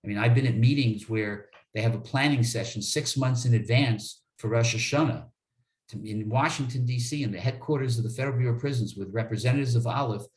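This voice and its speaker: Interviewed as an attorney guest, this man tells stories with sincerity, frequently repeating words as he begins a sentence. His voice is medium-pitched and darkish, with a reverberant sound.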